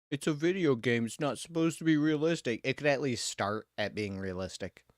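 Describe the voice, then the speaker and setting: A man's voice: medium pitch, no room sound. Ranting gamer man, dry close sound. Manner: ranting, swearing, quick laughs. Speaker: livestreamer. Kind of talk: casual gaming livestream chat.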